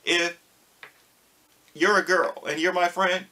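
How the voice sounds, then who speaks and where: A man's voice: high voice, takes it slowly. A young man talking casually to his viewers in a vlog, telling a story and acting out the back-and-forth of a conversation. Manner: animated storytelling, acts out quoted exchanges. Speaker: vlogger.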